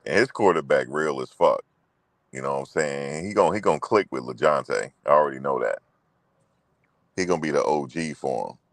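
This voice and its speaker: A man with a rumbling low voice and lively intonation hosts a casual sports chat at a moderate pace, in a dry recording. He's loose, profane, and repetitive, and he speaks directly to the audience.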